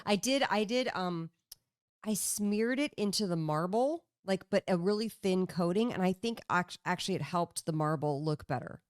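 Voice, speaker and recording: A woman co-hosting a podcast, playful and teasing, chiming in with quick jokes. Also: lowish voice, animated, clear, resonant tone, no room sound, studio quality. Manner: playful, teasing, laughs easily. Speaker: podcast co-host. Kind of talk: casual podcast chat.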